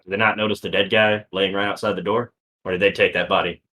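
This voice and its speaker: A man playing a tabletop role-playing game, casual and playful, dropping low for his character. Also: little pitch movement, fast, sharp tone. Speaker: player. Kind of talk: tabletop role-play chat.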